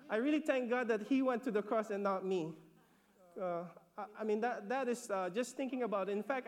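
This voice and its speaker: A man from the Philippines preaching with a notably high voice. He talks in an animated, conversational way, repeats words as he builds a point, and checks in with the congregation. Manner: laughs between points, asks "okay?". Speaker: pastor. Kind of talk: sermon.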